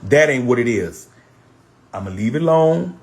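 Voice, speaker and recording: Husky-voiced man in a heated rant. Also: mid-range voice, lively intonation, moderate pace, a little mellow. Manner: repetitive, blunt, profane. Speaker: social media personality.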